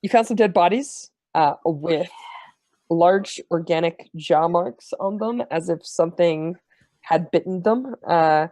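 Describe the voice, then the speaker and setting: Acting as game master, a man recaps the previous tabletop session haltingly, leaning heavily on fillers. His voice sits on the high side and sounds warm, in a dry recording.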